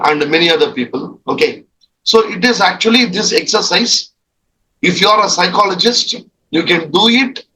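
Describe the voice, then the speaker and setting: A man's voice: sits high, pushed and bright, a little hiss or hum, rough recording. A man with an Indian English accent leading an online group training, explaining step by step and repeating his thanks. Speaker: NLP trainer.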